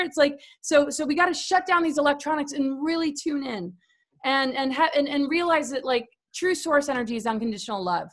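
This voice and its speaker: A woman's voice: sits high, fairly quick, fairly bright tone. A woman talking casually about spirituality as a guest in a conversation, earnest and rambling, often restarting and repeating words.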